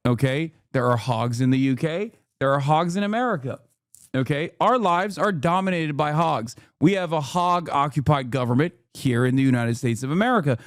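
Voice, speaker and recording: A man's voice: a little high, no room sound, clean studio sound. Sarcastic, profane man ranting. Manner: sarcastic, profane, rapid bursts of speech. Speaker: streamer reacting to a video. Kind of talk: casual livestream rant. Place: studio in the United States.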